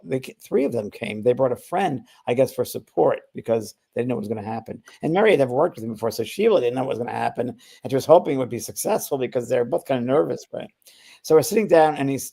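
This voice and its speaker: A man's voice: medium pitch, creaky, warm tone. An older man and spiritual medium, telling a long anecdote in a rambling way, full of restarts and acted-out quotes. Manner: rambling, many restarts and fillers, acts out quoted voices. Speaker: spiritual medium, podcast guest storyteller. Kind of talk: casual anecdotal storytelling.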